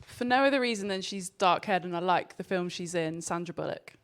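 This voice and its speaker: Easygoing woman guest, lowish voice. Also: brisk. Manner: easygoing, modest, laughs easily. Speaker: guest, pro rugby player. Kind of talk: casual interview chat.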